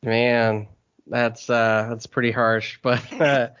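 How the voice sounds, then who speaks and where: A man's voice: medium pitch, flat delivery, slow, a bit bright, clear, resonant tone, highs cut off. A man co-hosting a podcast in easygoing casual chat, chuckling between remarks. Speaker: podcast co-host.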